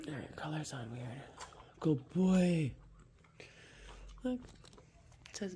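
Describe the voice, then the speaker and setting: A woman talking in a soothing, teasing sing-song to her pet dog, sometimes dropping to a soft near-whisper. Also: fairly low pitch, very animated, slow, vocal fry, pauses often, slight background noise. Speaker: dog owner.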